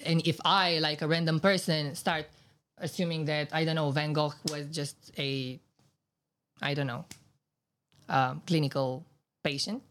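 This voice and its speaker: Low-voiced woman, earnest and emphatic. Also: steady tone, a little slow, pauses often, a bit bright, slight background noise. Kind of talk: casual podcast chat.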